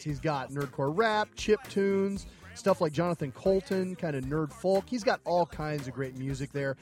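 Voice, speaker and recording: A man co-hosting a casual comedy podcast, telling jokes and reading out show plugs, swinging from loud to low. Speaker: podcast co-host.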